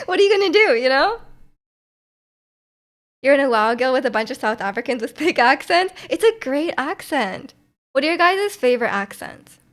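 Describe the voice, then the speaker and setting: A woman's voice: high-pitched, fairly bright tone. A young woman streamer chatting casually with her viewers, rambling with lots of "like"s and restarts and laughing often. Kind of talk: casual chat reading chat messages.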